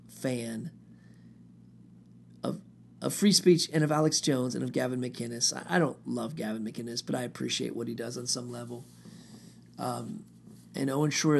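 A man's voice: mid-range voice, normal speed, gravelly, slight background noise. A man telling a long personal story in a casual, profane, rambling way, often quoting others. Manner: profane, rambling, animated retelling with quoted voices.

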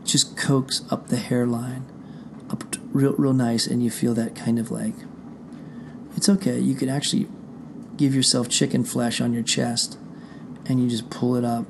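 Gravelly middle-aged man, rambling and profane. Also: mid-range voice, darkish tone, a little hiss or hum. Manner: profane, digressive, talks straight to listeners. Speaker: show host. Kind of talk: rambling casual monologue. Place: indoor room behind a closed door.

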